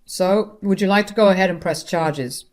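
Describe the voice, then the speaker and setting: A woman's voice: lowish voice, normal speed, natural voice. A woman voicing a polite, matter-of-fact police officer. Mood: businesslike. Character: calm police officer, adult, businesslike.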